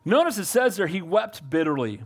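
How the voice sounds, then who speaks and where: A middle-aged male pastor preaching a sermon, calling for amens and moving between loud exhortation and quiet reflection. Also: sits high, big pitch swings, brisk, slightly rough. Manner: preachy, calls for amens, shifts from loud to soft.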